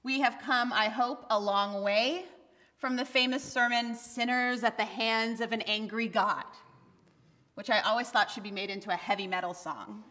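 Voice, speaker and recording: A woman delivers a sermon in a frank, conversational way, now and then pushing hard for emphasis. Her voice is bright and forward. It rings with the long reverb of a church hall. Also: on the high side, steady tone, normal speed. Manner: candid, conversational preaching with bursts of emphasis. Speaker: pastor. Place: church sanctuary.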